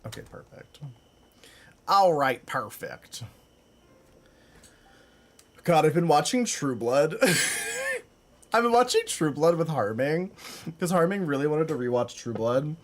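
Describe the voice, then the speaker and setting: Lively, rambling male streamer. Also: on the high side, takes it slowly, pauses often, slight background noise. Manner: rambling, many "like" fillers, laughs often. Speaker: live streamer. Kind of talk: casual chat with stream viewers. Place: home room.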